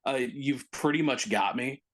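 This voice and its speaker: A man's voice: medium pitch, a little slow, a loud crowd. A man on a casual film podcast who talks in an enthusiastic, rambling way, hedging as he goes. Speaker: podcast co-host.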